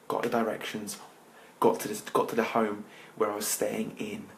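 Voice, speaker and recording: Lively English man telling a story. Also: on the low side, moderate pace, gravelly, slight background noise. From England. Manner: lively, acts out scenes and talks to listeners directly. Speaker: motivational speaker. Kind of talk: storytelling talk.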